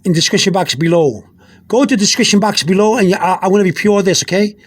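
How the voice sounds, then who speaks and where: Man, high voice, halting teacher, lots of "uh" and repeats, informal lesson. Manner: halting, repeats words, many fillers. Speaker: language teacher. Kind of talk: casual explanatory lesson.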